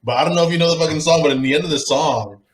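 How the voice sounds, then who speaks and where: A man's voice: fairly high pitch, racing. A middle-aged man, a podcast guest, telling an embarrassing story about himself in a profane, laughing way, with lots of "bro" and "dude". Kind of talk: casual storytelling chat.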